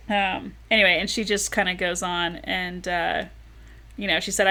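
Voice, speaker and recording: A woman's voice: fairly low pitch, normal speed. A woman co-hosting a casual book discussion podcast, talking loosely with friends and laughing often. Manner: reads quoted passages aloud with lively emphasis. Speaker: podcast co-host.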